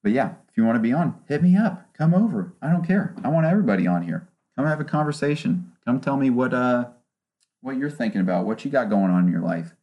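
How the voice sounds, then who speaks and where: A man's voice: medium pitch, lively intonation, fast, dull audio. A young man hosting his own podcast alone in a small home studio, talking casually and ranting with sarcasm. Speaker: podcast host. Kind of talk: solo casual podcast talk. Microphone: one omnidirectional microphone.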